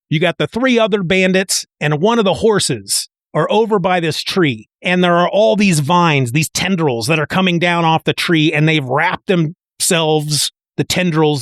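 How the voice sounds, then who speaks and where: This is a man with a fairly high voice, hosting a relaxed comic book recap. He talks in an excitable, chatty way and stumbles into restarts as he walks through each page. His voice sounds close and dry. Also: no room sound. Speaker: comic book podcast host.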